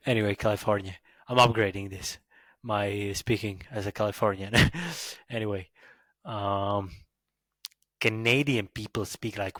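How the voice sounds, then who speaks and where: A man from Latvia with a Latvian accent, hosting a podcast in a halting, self-mocking casual monologue full of fillers. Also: fairly low pitch, fairly even intonation, a bit bright, no room sound. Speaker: podcast host.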